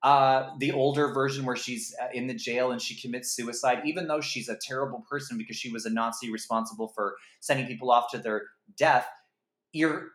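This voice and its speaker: A man co-hosting a podcast, talking through a film in a rambling, animated way with many fillers. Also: mid-range voice, a little fast. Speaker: podcast co-host. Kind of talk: casual film review chat. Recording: echoey room.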